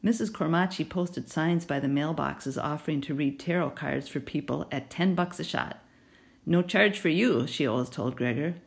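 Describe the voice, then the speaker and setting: A woman narrating a children's novel in an expressive storytelling manner. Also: sits low. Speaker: audiobook narrator.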